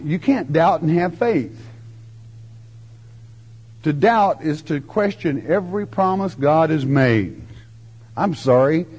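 Slow, husky folksy preacher man. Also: medium pitch, a little mellow. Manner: folksy, homespun, rural turns of phrase; slow, drawn-out emphasis with sudden lifts. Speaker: preacher teaching scripture. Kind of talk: folksy verse-by-verse sermon.

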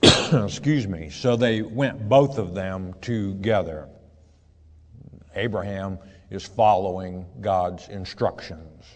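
A man preaching a sermon, reading scripture in a measured, deliberate way and stopping to add his own comments. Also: low-pitched, long reverb tail.

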